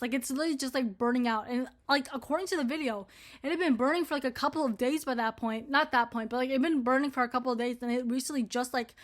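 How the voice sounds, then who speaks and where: A woman's voice: high-pitched, a bit bright. A woman in her twenties ranting casually to her viewers, swearing a lot and rambling with constant filler words. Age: 20s. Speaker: vlogger. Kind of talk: casual ranting commentary to camera.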